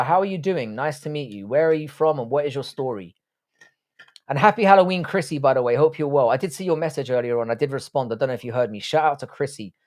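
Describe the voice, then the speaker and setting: A young man from the UK hosts a live stream, reading viewer comments aloud and answering them bluntly and with plenty of swearing. His pitch jumps around a lot as he reacts. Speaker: livestream host.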